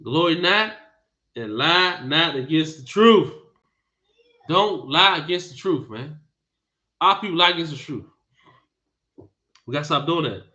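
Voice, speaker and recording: Male preacher, emphatic, scolding, high-ish forceful voice, dull lo-fi recording. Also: lively intonation, a little slow, pauses often. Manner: emphatic, repeats phrases, scolding. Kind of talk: bible teaching sermon.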